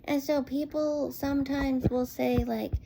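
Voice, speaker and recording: A woman with a high voice rants her way through a casual film review at an unhurried pace. She rambles, sounds exasperated, and leans on "like" between thoughts. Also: fairly even intonation, creaky, mellow, slight background noise. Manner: rambling and exasperated, heavy use of "like".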